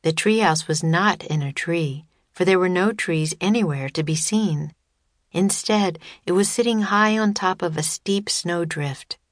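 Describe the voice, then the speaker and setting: Lady reading a kids' audiobook, slow and low, measured, dry close studio mic. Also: no room sound. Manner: measured storytelling. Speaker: author reading her own book. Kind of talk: scripted narration of a children's audiobook.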